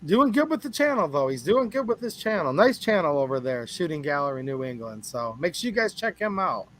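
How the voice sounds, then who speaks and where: A man's voice: on the high side, big pitch swings, brisk, low-quality recording. Chatty man hosting a livestream. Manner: chatty, rambling, jokes with chat. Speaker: livestream host. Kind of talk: casual livestream chat, greeting viewers.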